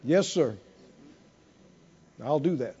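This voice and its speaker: A man preaching a sermon who moves from quiet, intimate storytelling to loud, emphatic exhortation and leads the congregation in call-and-response. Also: mid-range voice, animated, slow, husky, muffled recording.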